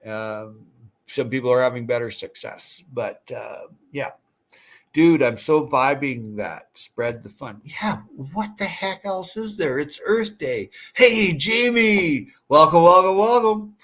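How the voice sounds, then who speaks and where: A livestream host chats with viewers and reads their comments in a rambling, friendly way, with many fillers and restarts. His voice is medium in pitch and expressive, and he speaks at a slow pace.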